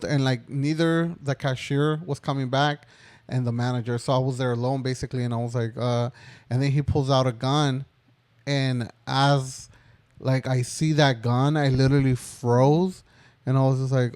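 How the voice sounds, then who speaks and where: A man's voice: medium pitch, flat delivery, a little slow, a little mellow, clean tone, no room sound. A young man in his twenties, co-hosting a podcast, telling a personal story in a casual, rambling way with many fillers. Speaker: podcast co-host.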